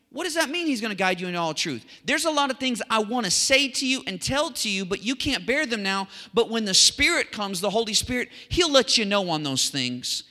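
A man preaching a sermon in a chatty, animated way, full of asides and restarts. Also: high voice, a little fast. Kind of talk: casual conversational sermon. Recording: long hall reverb.

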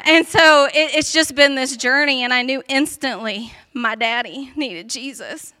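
A woman with a high, sharp-edged voice tells her personal testimony. She speaks earnestly and emphatically, often with "like". The recording is dry and close. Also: a little slow, dry recording. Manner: earnest, emphatic storytelling with frequent "like" and laughs.

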